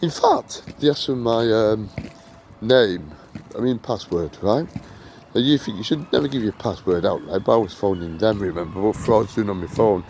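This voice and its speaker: A man's voice: on the low side, moderate pace. A man talking to camera outdoors, rambling and repeating himself for emphasis as he warns viewers. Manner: repetitive, emphatic, digressive. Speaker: vlogger. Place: outdoors on a busy street. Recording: street traffic noise. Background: loud traffic.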